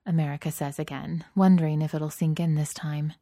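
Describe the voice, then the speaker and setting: A woman reading a story aloud in a calm, even way. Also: low voice, normal speed, few pauses, no room sound, studio quality. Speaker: reader. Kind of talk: fan fiction reading.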